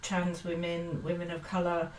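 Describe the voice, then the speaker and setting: A woman's voice: fairly low pitch, completely flat delivery, normal speed, distant mic. A woman giving a casual, earnest book-review monologue, hesitant and full of fillers and restarts. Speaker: book vlogger. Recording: roomy echo, set back from the mic, faint hiss.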